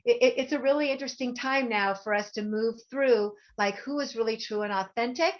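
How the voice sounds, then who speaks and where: A woman guest telling an emotional personal story in an earnest, halting way, with many fillers. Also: a little high, muffled recording.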